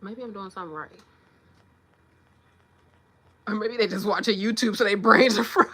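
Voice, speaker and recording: A woman's voice: medium pitch, a little fast, pauses often, bright, forceful tone, breathy edge. A woman, giving casual motivational talk in a frank, profane, big-sister manner. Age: 30s. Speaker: nurse vlogger.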